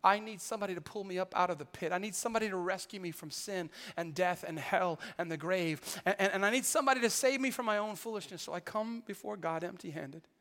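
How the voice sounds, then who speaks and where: A man preaching a sermon in a conversational way, with stammered restarts, building to loud emphatic climaxes. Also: high-pitched, fast talker, hardly any pauses, in a large hall. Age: adult. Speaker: pastor.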